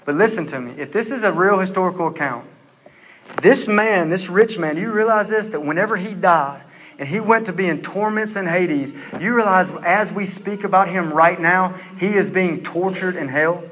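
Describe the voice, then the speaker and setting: A man preaching a sermon, intense and emphatic, slowing down to stress his words. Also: high voice, a bit bright, big-room sound, a little hiss or hum.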